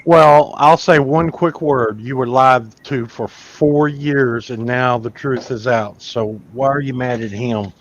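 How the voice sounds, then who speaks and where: A man's voice: medium pitch, fairly even intonation, slow pace, hardly any pauses, highs cut off, slight background noise. A man chatting casually on a podcast, chiming in with blunt, opinionated remarks. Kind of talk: casual chat.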